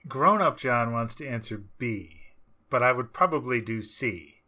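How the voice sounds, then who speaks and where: Man, bright and crisp, eager podcast co-host. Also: mid-range voice, expressive, measured pace. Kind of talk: casual podcast chat.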